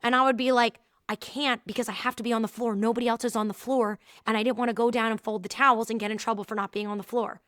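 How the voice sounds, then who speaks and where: Bright, lively woman telling stories. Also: on the high side, fast, few pauses, clear, resonant tone, no echo, clean studio sound. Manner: lively storytelling, acting out quoted dialogue. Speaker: podcast host. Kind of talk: casual solo talk with anecdotes.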